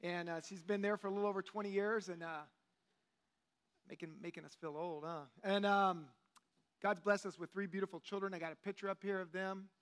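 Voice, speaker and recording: A lay teacher nearing fifty, in his 40s, leads a church group study in a meeting room at church, speaking briskly with a clean tone in a voice that sits high for a man. He jokes and relaxes into conversational preaching with lots of fillers, as though talking with friends.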